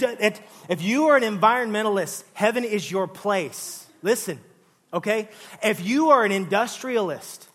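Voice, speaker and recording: A pastor preaching a sermon in a conversational, joking way, often saying "listen" and "all right". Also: male voice, high voice, fairly bright tone.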